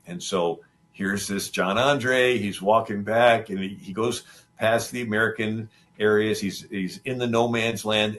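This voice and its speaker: Man, lowish voice, talk show host, casual history storytelling, rambling, acts out the quotes. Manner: animated, acts out the quoted figures' lines; loose and rambling, with many fillers and restarts.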